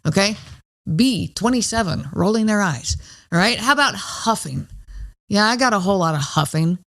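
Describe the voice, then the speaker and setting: A woman hosting her own podcast, talking in a conversational, wry way and acting out quoted lines in a lower voice. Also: animated, normal speed, fairly bright tone. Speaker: podcast host. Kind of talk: solo podcast monologue.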